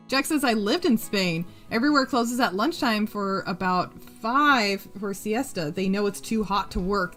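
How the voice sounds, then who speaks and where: A woman streamer chatting casually over her crafting, with a bright, forceful tone and a voice that swings widely up and down. She laughs a lot and swears without a second thought while reading out her chat. Soft music plays in the background. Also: a little high. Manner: laughs often, swears freely, reads chat aloud. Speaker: streamer and host.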